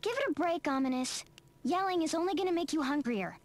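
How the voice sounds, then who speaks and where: An actress playing a sharp-tongued young female adventurer in a video game, teasing and sarcastic. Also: sits high, animated, brisk.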